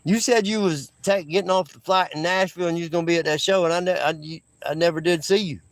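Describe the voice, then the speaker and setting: A man's voice: on the high side, fast talker, no room sound. A man hosting a live stream, chatting casually with viewers in a laid-back, rambling way and laughing often. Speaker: livestream host. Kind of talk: casual livestream chat with viewers.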